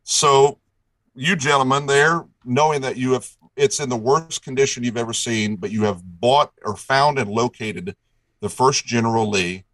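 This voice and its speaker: A man's voice: medium pitch, moderate pace, a bit bright, no room sound, rough recording. A man from Indiana telling a long story in a folksy, rambling way, acting out the dialogue as he goes. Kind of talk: casual storytelling.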